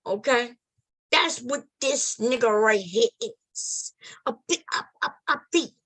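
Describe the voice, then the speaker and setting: A woman with a fairly high voice telling a comedic story at a slow, drawn-out pace. She talks loud and animated, acting out scenes with profane outbursts, recorded through a computer mic. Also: slightly rough. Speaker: comedy streamer. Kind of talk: late-night comedic storytelling.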